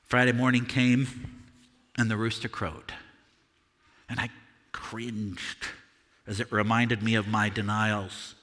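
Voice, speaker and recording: Guy doing remorseful apostle peter, bright forceful voice, long church reverb. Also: on the low side, little pitch movement. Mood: despondent. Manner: earnest, confessional, halting with repeated words. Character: Apostle Peter, a remorseful fisherman recounting his denial. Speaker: dramatic monologue performer at a church service. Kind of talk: first-person dramatic monologue. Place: church sanctuary.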